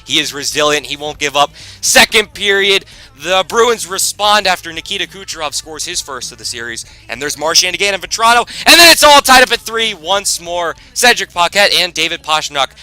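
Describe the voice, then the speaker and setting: A man commentating his own hockey video game season, excitable and quick to shout at big plays, with rambling asides. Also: high voice, poor audio. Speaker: gaming YouTuber.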